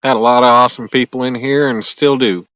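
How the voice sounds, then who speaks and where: A man's voice: mid-range voice, fairly even intonation, fairly quick, fairly bright tone, no room sound, poor audio. Chatty man hosting a live stream. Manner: chatty, reads and answers viewer comments aloud; joking, easygoing. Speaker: livestream host. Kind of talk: casual live-stream chat. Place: outdoors at a lake at night.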